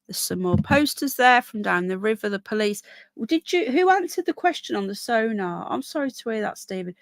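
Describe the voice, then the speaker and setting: A woman chats casually on a live stream as she walks through a small town, reading viewer comments and news text aloud. Her voice is a little hoarse, picked up dry and close on a handheld phone. Her pitch sits in an ordinary middle range. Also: lively intonation, fairly quick, dry recording. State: hoarse, voice keeps going. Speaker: livestreamer.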